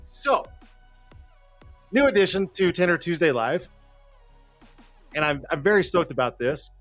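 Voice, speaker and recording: A slightly high-voiced man hosting a live stream, rambling freely and swearing as he goes. He sounds a bit out of breath. Faint background music plays under his voice. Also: lively intonation, unhurried, fairly bright tone. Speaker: livestream show host. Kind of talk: casual live-stream chat.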